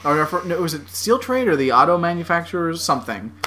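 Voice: medium pitch, sing-song, a little fast, sharp tone, slight background noise. A podcast co-host in casual comedic chat who laughs often, swears freely and quotes characters in offhand voices.

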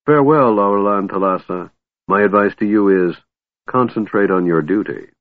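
A man's voice: on the low side, normal speed, no echo, narrow, tinny audio, natural voice. A man voicing a formal, cryptic male historian in an audiobook.

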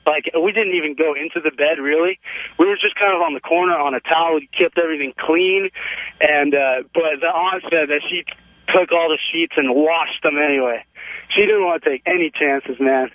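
A young man calling in to a talk show, telling a story in a rambling, excited way, full of "man" and "like". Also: on the high side, normal speed, no room sound. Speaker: caller. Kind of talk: phone-in storytelling. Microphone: telephone. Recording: tinny phone line, dry.

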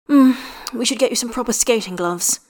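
A woman's voice: on the high side, a little fast, darkish tone, natural voice. Lady reading as a bossy teasing ex-olympian guy coach, dry and blunt.

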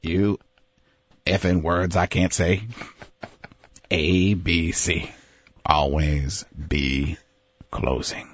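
A man impersonating a gruff older football announcer who rambles through a sales speech, stumbling over the lines. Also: low voice, steady tone, drawn-out words, long pauses, dry recording, muffled recording, pitched below the performer's own voice, heavily acted. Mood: blustering.

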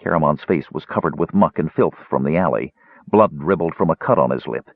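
A man reading an audiobook in scripted, expressive narration, on a tinny narrow-band recording. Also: very deep voice, a little fast, vocal fry, breathy edge, no room sound.

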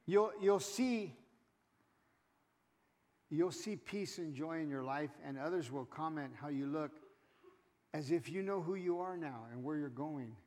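A man's voice: a little high, measured pace, pauses often, darkish tone. A male pastor preaching a sermon, calling out to the congregation and acting out churchgoers in quoted asides. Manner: preaching with call-outs to the congregation. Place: church sanctuary. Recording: reverberant church hall with congregation.

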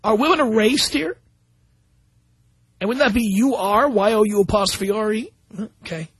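Sarcastic husky-voiced male radio host. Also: high voice, moderate pace, fairly bright tone, dry recording. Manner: sarcastic, mocking, spells out errors letter by letter. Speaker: radio talk show host. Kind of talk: talk radio monologue reading listener mail. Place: radio studio.

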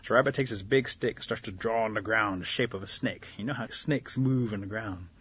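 A man telling a folktale aloud as a radio host and storyteller, animated and chuckling at his own tale. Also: fairly low pitch, fairly quick, breathy edge. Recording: dull lo-fi radio recording.

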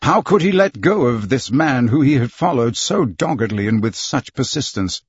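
Man reading an audiobook, husky, lively pitch, dry muffled sound. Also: normal speed, no room sound. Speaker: audiobook narrator. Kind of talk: scripted narration.

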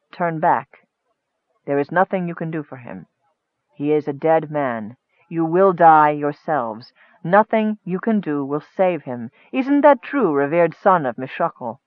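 Guy doing a low hissy sneering wizard, coughy and frail, dry tinny audio. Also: unhurried, long pauses, no room sound. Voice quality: soft hissing voice. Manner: calm, sneering. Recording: tinny phone-like dry sound.

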